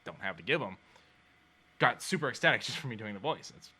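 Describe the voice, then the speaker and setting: Male podcast co-host, low-pitched and very bright, animated storyteller in casual chat. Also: fairly quick, husky. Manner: animated storyteller, acts out quoted voices.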